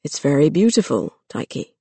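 A slow, grandfatherly old moon rock, gentle and patient with the girl it talks to, as a storybook narrator puts it on. The voice is even and mid-pitched, set in a dry, close room with no echo. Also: slightly rough. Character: ancient talking moon rock, old and kindly.

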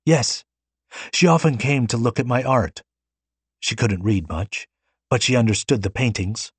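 A man voicing a soft-spoken, earnest male painter in an audiobook reading. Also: medium pitch, measured pace, husky, no echo, pitched above the performer's own voice. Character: poor, gentle male painter, resigned.

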